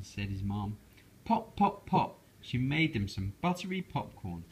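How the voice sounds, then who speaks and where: Slow, husky father reading aloud. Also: fairly low pitch, poor audio. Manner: slow, gentle, lively storyteller. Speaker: father reading to his daughter. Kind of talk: bedtime storybook reading.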